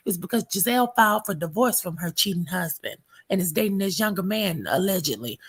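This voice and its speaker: Sassy, husky-voiced woman host. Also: medium pitch, big pitch swings. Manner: blunt, sarcastic, quick with put-downs. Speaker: recap show host. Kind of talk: sassy reality TV recap commentary.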